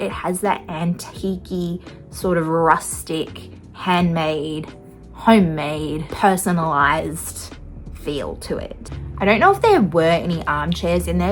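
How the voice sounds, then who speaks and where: A woman's voice: fairly low pitch, poor audio. A young woman vlogging about bookshops in a chatty, musing way, laughing now and then. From Australia. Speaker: book vlogger. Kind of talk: casual vlog narration. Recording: faint music underneath.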